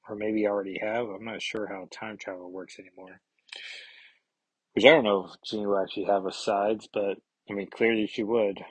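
A man's voice: lowish voice, level tone, fairly quick, breathy edge, no room sound, poor audio. A man hosting a podcast, chatting casually and hesitantly, with many fillers and restarts. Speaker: comics podcast host.

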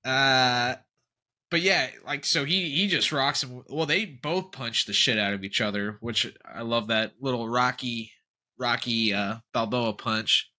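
A man co-hosting a podcast in casual chat, animated and quick to laugh and go off on tangents. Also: medium pitch. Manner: animated, laughing, jumps into tangents and jokey impressions. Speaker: podcast co-host.

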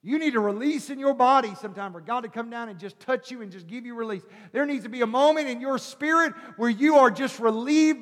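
A male pastor preaching a sermon, shifting from quiet teaching to loud shouted preaching and calling the listeners brother and sister. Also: very high voice, fairly quick, few pauses. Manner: calls the congregation brother and sister. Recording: long hall reverb.

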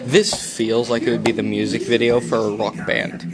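A man's voice: mid-range voice, flat delivery, normal speed, loud music behind the voice. A young man co-hosting a podcast, crude and joking in casual chat. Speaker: podcast co-host.

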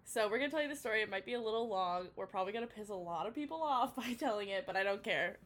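A woman's voice: mid-range voice, expressive, very fast, a bit bright. A young woman from Canada co-hosting a podcast, telling a story in casual chat, playful and swearing freely. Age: young adult. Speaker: podcast co-host.

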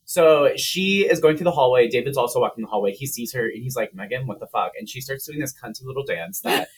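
Man, husky voice, mid pitch, casual, profane, chatty movie recap. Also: fast. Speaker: podcast co-host.

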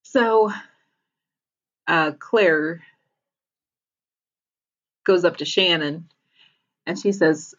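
A woman's voice: on the low side, drawn-out words, pauses often, fairly bright tone, muffled recording. A woman casually retelling a TV episode as a podcast co-host, laughing often as she talks.

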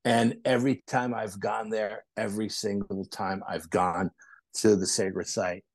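A man, a podcast guest, telling animated stories in a casual interview and acting out other people's quotes. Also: fairly low pitch, a little slow, no echo. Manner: animated anecdotes with acted-out quotes. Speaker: podcast guest, paranormal investigator.

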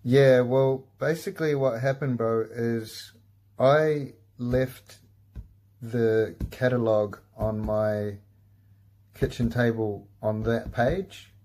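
A man's voice: medium pitch, fairly even intonation, slow pace, a little mellow. A man hosting a casual comedy podcast, laid-back and swearing a lot, laughing at himself. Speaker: podcast host.

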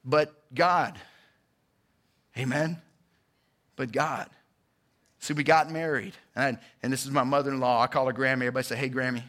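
A man, giving a casual, lively testimony to a church congregation and calling out to the crowd. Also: mid-range voice, normal speed, long pauses. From Georgia, US. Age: 40s.

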